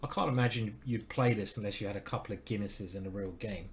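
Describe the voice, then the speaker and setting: A man's voice: lowish voice, steady tone, quick pace, slight background noise. A man streaming live, commenting on his chess games and chatting to viewers with self-deprecating asides.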